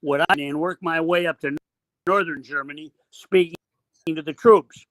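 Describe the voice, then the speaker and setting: An older man, a basketball coach, telling a long story in a halting, drawn-out way. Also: fairly high pitch, fairly even intonation, a bit bright, dry recording. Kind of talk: storytelling interview answer.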